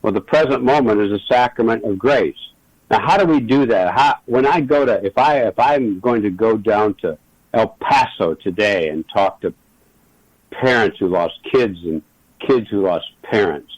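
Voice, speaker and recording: A man's voice: lowish voice, animated, moderate pace, darkish tone, no room sound, poor audio. A middle-aged man, a regular guest, talking earnestly and telling stories in a reflective conversation. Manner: earnest, storytelling.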